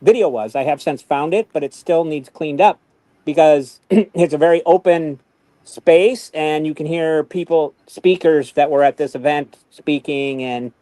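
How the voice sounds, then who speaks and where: Higher-voiced teasing male co-host. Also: mellow, dry recording. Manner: teasing, halting with restarts. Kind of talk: casual livestream chat.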